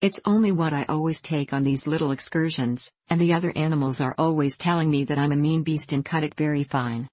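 A woman voicing an easygoing, dreamy male water rat in a storybook reading, speaking in a solemn, unhurried, musing way. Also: low voice, darkish tone, dry recording.

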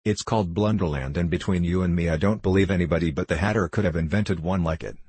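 A man's voice: low voice, fast talker, a little mellow, breathy edge, no echo. A man voicing a chummy, slangy male hare in a storybook reading.

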